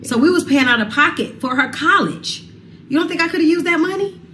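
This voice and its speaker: A woman's voice: high voice, animated, a little fast, bright, forceful tone, slight background noise. A woman talking with passion about a family falling-out, heartfelt and casual. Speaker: singer telling her side of a family feud. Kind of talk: emotional sit-down talk.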